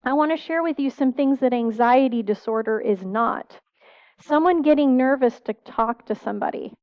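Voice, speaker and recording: Woman, middle-aged, therapist, church seminar talk, earnest, asks the audience questions, smooth voice, lo-fi sound. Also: sits high, normal speed.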